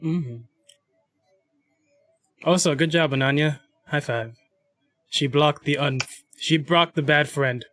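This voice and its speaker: A man's voice: a little high, takes it slowly, long pauses, a bit bright, no echo. A man co-hosting a casual advice livestream, reading questions and giving earnest, rambling advice.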